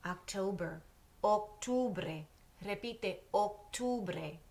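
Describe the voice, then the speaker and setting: A woman teaching Spanish to children, patiently saying words and pausing for her class to repeat them, mixing English and Spanish. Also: mid-range voice, a little mellow. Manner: patient, pauses for repetition. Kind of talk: slow drill lesson for children.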